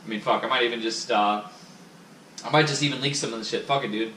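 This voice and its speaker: A man's voice: mid-range voice, fast, pushed and bright, roomy sound, slight background noise. A man vlogging in a casual, rambling monologue, profane and self-critical, with many restarts.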